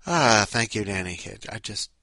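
A man's voice: lowish voice, expressive, normal speed, bright, forceful tone, dry recording. A man hosting a podcast in a rambling, sleepy way, full of restarts and asides. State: sleepy, up at five in the morning. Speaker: podcast host. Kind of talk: casual rambling chat.

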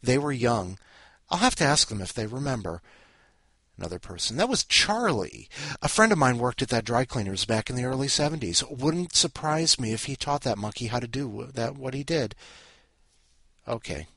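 A man's voice: mid-range voice, sing-song, normal speed, a bit bright, breathy edge, no room sound. A man hosting a podcast in a rambling, self-interrupting way with wry asides. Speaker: podcast host. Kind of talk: rambling casual chat.

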